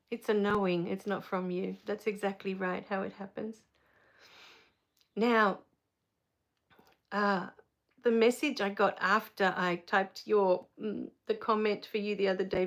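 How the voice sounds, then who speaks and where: A woman hosting a spiritual live Q&A, reading viewer comments, soft-spoken and tender, quick to laugh and tear up. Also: medium pitch. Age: adult with a child. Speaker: spiritual live-stream host.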